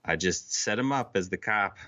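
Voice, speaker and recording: A man's voice: on the low side, animated, moderate pace, bright, forceful tone. A man in his forties co-hosting a casual podcast, joking, teasing and laughing often. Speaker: podcast co-host. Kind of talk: casual chat.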